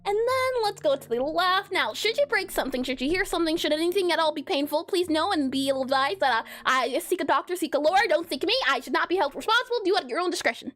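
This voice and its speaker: A woman's voice: extremely high pitch, lively intonation, quick pace, few pauses, fairly bright tone, soft background music. A woman game developer chatting casually and playfully on a live coding stream, often giggling.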